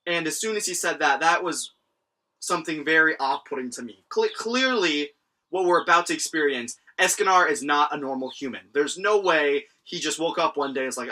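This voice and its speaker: A man's voice: fairly high pitch, a little fast, sharp tone. A young man casually recapping and reviewing an anime episode, rambling with lots of fillers and chuckles.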